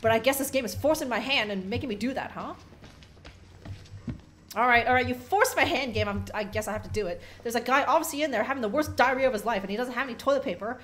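A woman's voice: on the high side, fast, over loud music. A young woman giving casual, profane, jokey commentary while playing a horror game, reading in-game notes aloud with sarcastic asides.

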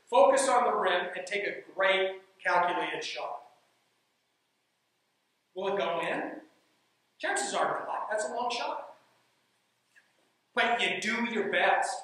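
A man who coaches basketball, telling a team story as an animated speech. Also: high voice. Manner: animated, builds suspense in anecdotes. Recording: echoey room, mic from far off.

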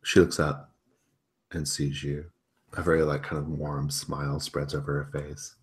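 A man's voice: a bass voice, level tone, moderate pace. A man narrating a tabletop role-playing game as game master, casual and full of fillers. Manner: casual, filler-heavy, laughs a lot.

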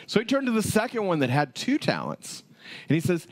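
A male pastor preaching in a relaxed, conversational way. His voice swings widely up and down as he tells a story. It sits a touch higher than most men's. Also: a little fast. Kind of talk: sermon.

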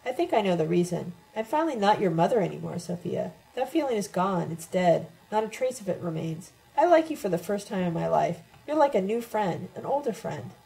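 A brash older woman who teases and needles with playful jabs, read by a woman narrator. The tone stays mellow and warm, in an everyday storybook reading voice. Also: mid-range voice, sing-song, a little fast, gravelly, hardly any pauses, rough recording. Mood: teasing.

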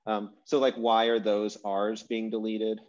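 A low-pitched man leads an online class in a loose, rambling way, full of fillers and restarts. His voice sits low and easy. The call audio is dull and lo-fi. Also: completely flat delivery, unhurried, a little mellow, a little hiss or hum. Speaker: online course teacher. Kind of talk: casual lecture over video call. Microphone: video call.

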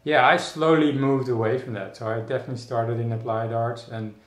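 A casual interview conversation captures a man from the Netherlands, an artist guest, musing in an echoey room. His mid-range voice stays steady, while his delivery is thoughtful and halting, full of restarts and fillers.

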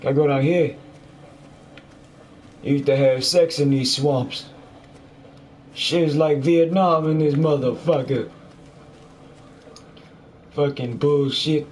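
Loud, crude man doing gameplay commentary. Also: a little high, fairly even intonation, slow, pauses often. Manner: loud, crude, jokey running commentary with frequent cursing. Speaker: gamer. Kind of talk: profane let's play commentary. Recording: faint background noise.

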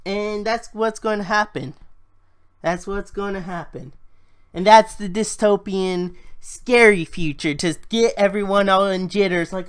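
In a solo vlog, a woman rants about the economy, heated and frustrated and swearing plenty. Her mid-range voice is clear and resonant, and she speaks a little slowly.

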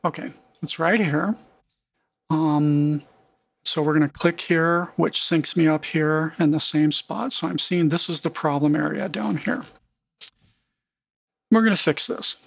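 A man's voice: fairly high pitch, fairly even intonation, unhurried, gravelly, long pauses, breathy edge. A man giving a casual, explanatory music production tutorial, talking through a screen recording and thinking aloud as he goes.

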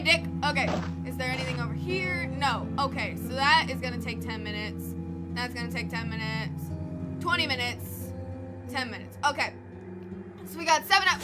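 High-voiced, excitable woman gamer. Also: a little fast. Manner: excitable, easily spooked, talks back to the game. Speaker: let's play gamer. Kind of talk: casual gameplay commentary. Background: game music.

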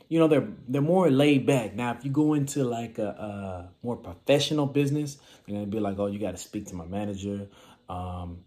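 A man from California with a casual, animated vlogging manner, giving business advice and acting out little scenes. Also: on the low side. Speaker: vending machine business vlogger.

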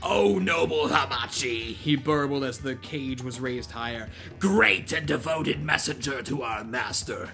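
A man's voice: mid-range voice, lively intonation, creaky, pushed and bright, faint music behind, heavily acted. Man doing gurgling monster priest Baraka. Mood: solemn. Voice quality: gurgling, strained. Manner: slow, grandly intoned decrees. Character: gurgling monstrous male priest with blade arms, menacing.

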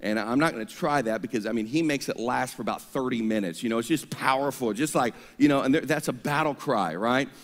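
Male pastor, energetic sermon with call-and-response, mid-pitched, long hall reverb. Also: fairly quick, hardly any pauses. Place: church sanctuary.

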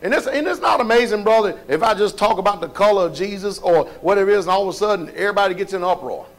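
High-voiced man preaching a folksy sermon. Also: very fast. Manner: preaching with rhetorical questions, rising to shouts; colloquial, folksy delivery. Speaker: pastor.

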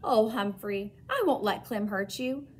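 A woman reading aloud and voicing a kind young girl who speaks softly and soothingly to her pet. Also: mid-range voice, lively intonation, measured pace, slightly rough. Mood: gentle. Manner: soft, soothing and apologetic.

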